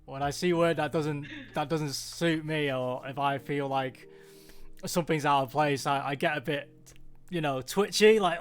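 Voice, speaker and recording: Give me an animated British man hosting a stream. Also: fairly high pitch, normal speed, clean tone, faint music behind. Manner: animated, acts out quoted people in raised voices. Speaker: stream host. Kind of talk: casual chat.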